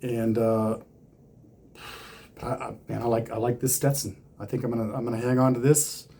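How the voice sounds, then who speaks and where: A man's voice: medium pitch, little pitch movement, normal speed, warm tone, breathy edge. A man casually talking through an unboxing of hats, rambling with lots of fillers and restarts.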